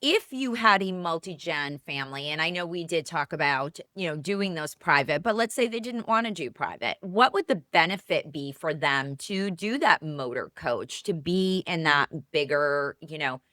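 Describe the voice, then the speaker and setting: A woman's voice: low voice, lively intonation, moderate pace, few pauses, pushed and bright, no room sound, clean studio sound. A woman co-hosting a travel podcast, asking questions in a casual, conversational way. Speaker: podcast co-host. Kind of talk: podcast interview.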